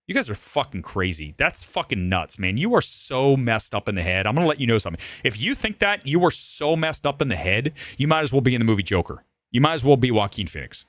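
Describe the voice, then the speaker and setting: A man's voice: mid-range voice, very animated, fast talker, hardly any pauses, a bit bright, no echo, clean studio sound. A man in his forties hosting a live movie stream, ranting in a combative, sarcastic way and swearing freely. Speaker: livestream host. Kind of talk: profane live-stream rant.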